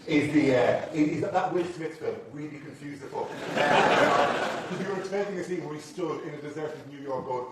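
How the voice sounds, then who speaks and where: Animated Irish comedian, echoey and far. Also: male voice, a little high, moderate pace, few pauses. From Ireland. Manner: animated storyteller, swears freely. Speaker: comedian guest. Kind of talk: anecdotal chat. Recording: echoey room, far from the mic, loud noise.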